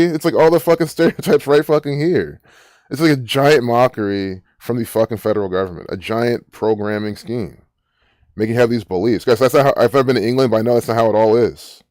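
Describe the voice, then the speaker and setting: A man's voice: fairly low pitch, a little mellow, dry recording, clean studio sound. Rambling, profane man ranting. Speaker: channel host. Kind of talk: ranting screen-reading commentary.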